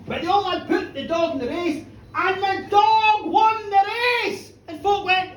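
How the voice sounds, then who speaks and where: Storyteller, animated and high, roomy live bar sound from a distance, crowd bidding along. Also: moderate pace, slight background noise. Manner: animated, playful, loud sound effects and audience bidding.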